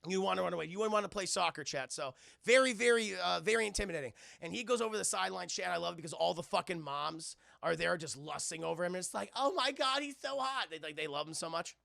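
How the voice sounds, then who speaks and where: Young guy with a super gravelly high voice, ranting about a movie to his chat and doing silly voices. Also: fast, hardly any pauses, sharp tone, no room sound, clean studio sound. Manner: acts out characters in silly voices. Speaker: streamer reviewing a film. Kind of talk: rambling profane film recap to live chat.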